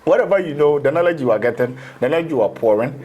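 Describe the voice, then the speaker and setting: A man's voice: a little high, lively intonation, fast talker, darkish tone, lo-fi sound, slight background noise. Man explaining consciousness, rambling. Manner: rambling explanations, slipping into local phrases. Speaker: spiritual teacher. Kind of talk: casual interview.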